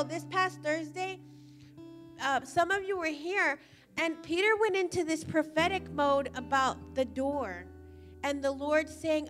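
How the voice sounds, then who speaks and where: High-voiced woman preaching casually. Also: moderate pace, fairly bright tone, faint music behind. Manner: chatty storytelling, frequent "like". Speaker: church leader. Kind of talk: casual sermon. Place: church service.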